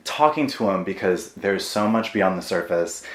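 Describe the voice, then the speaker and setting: A man hosting his channel in a casual chat, excitable and swearing, laughing at himself. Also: low-pitched, normal speed. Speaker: host. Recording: echoey room.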